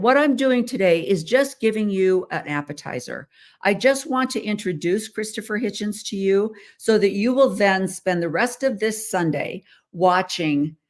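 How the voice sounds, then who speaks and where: An American woman hosting a podcast, talking casually in a chatty, rambling way with many fillers and restarts. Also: medium pitch. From United States. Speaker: podcast host. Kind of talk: casual solo talk.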